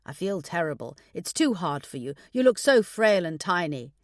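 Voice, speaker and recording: A woman voicing a gentle, caring adult daughter who looks after her father. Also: fairly low pitch, big pitch swings, moderate pace, dry recording, studio quality.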